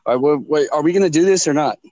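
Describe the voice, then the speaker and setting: A man's voice: a little high, racing, mellow, no echo, lo-fi sound. Laughing, stammering man on a call. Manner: laughs often, stammers on restarts. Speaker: podcast co-host. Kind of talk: casual banter. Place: outdoors at night among crickets.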